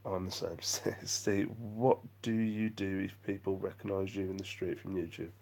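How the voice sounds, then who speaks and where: A man's voice: low-pitched, level tone, normal speed, darkish tone. A man chatting on a live vlog stream, rambling and self-deprecating as he reads out viewer comments. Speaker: vlogger.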